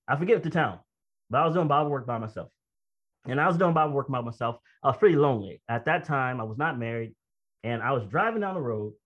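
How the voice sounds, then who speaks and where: A man preaching a sermon, reading quotations slowly and then commenting in a conversational, emphatic way with personal stories. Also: medium pitch. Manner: reads quoted text slowly, then comments conversationally and emphatically, often laughing. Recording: dull lo-fi recording.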